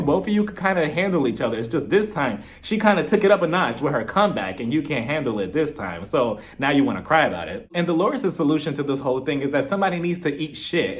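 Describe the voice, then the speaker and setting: A young man giving a casual, jokey review of a reality TV episode, talking in an animated, chatty way with lots of "like" fillers. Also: on the high side.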